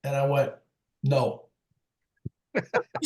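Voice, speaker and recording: Man telling stories in a roomy space. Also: animated. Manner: halting, restarts often, low-key. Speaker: retired umpire guest. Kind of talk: casual storytelling chat.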